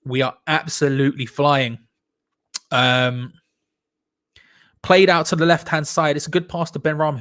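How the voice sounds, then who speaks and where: A young man hosting a live football watch-along, reacting excitedly to the match and chatting with viewers. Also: a little high. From England. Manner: excitable, shouts and laughs at goals, chats to viewers. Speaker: fan channel host.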